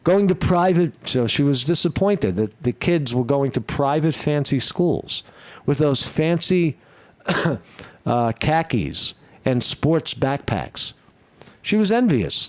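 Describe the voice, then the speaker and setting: Slow, blunt-talking male commentary host. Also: mid-range voice, very animated, no echo. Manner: profane, blunt, halting with many restarts. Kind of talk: ranting political commentary.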